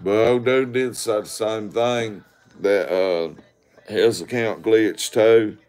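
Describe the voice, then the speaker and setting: A man's voice: lowish voice, slow, darkish tone. A man hosting a casual walking livestream on his phone, rambling crudely at viewers and begging for likes. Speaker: livestream host.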